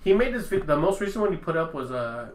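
A man telling a profane, animated story in a casual podcast chat. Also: a little high, quick pace. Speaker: podcast co-host. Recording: echoey room with clear noise.

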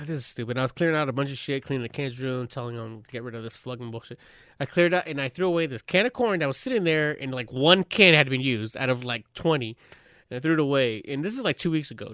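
A man's voice: mid-range voice, a bit bright, dry recording, studio quality. A man hosting a podcast, telling rambling stories full of filler words and swearing, and laughing often as he talks. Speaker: podcast host. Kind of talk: casual podcast chat.

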